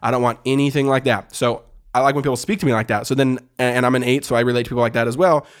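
A man's voice: medium pitch, steady tone, very fast, clear, resonant tone. A man in his thirties co-hosting a podcast with his wife, talking bluntly and directly, often restarting his sentences. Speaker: podcast co-host. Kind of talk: casual conversation. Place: quiet room with cameras and lights.

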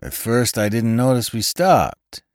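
A man voicing a pale, dazed drunk who speaks calmly and vaguely, in an audiobook reading. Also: mid-range voice, unhurried, dry recording, clean studio sound, voice pushed up. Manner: calm, vague, from a distance.

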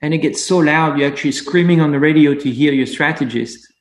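Enthusiastic man in an echoey room. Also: on the high side. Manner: enthusiastic, halting restarts. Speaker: racing driver guest. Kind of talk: casual interview chat.

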